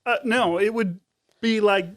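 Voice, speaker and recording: A woman's voice: mid-range voice, unhurried. A woman in her thirties co-hosting a podcast in casual chat, blunt and sarcastic, with casual swearing. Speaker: podcast co-host.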